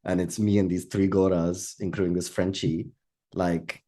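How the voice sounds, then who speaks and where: A man co-hosting a podcast, telling a story in casual chat, animated and swearing. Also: deep voice, normal speed. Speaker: podcast co-host.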